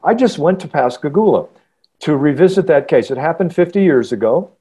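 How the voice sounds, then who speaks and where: A man, an author guest on a podcast, telling a story in a halting, earnest way with many restarts. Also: a little high, animated, dark tone, breathy edge. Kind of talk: casual podcast interview storytelling.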